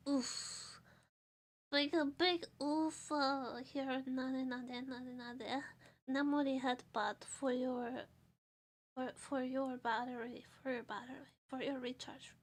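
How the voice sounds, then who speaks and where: A woman's voice: high-pitched, fairly even intonation, slow. A Portuguese woman with a Portuguese accent chatting casually on a stream, playful and rambling, stressed and tired. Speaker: vtuber streamer.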